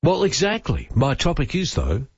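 Joking husky Australian man on radio. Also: mid-range voice, normal speed, no echo. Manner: teasing, jokey, lively. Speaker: radio co-host. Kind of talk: late-night talk radio banter. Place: radio studio. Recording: dull, muffled broadcast sound.

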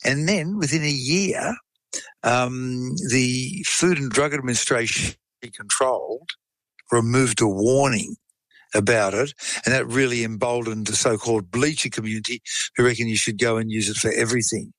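A man's voice: mid-range voice, normal speed, fairly bright tone, dry recording, low-quality recording. A man explaining science in a chatty way, telling a case story and acting out what people said. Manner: explanatory, chatty, acts out quoted speech. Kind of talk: conversational storytelling.

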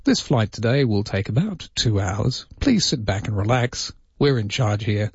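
A man voicing a calm, reassuring male airline captain with a smooth announcer cadence. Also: lowish voice, unhurried, dry recording, dull audio, full character voice.

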